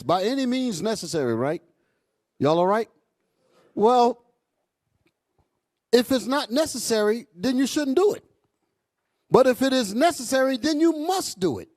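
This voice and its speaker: A man preaching a fiery, profane sermon to his congregation, calling out to them as he goes. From United States. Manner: loud, animated, swings high and low, profane, asks crowd "y'all all right?".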